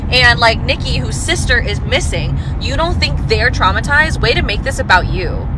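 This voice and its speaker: Angry woman ranting and swearing, kinda high voice, loud traffic noise behind. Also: lively intonation, normal speed. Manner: furious, swearing, sarcastic. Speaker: commentary channel host.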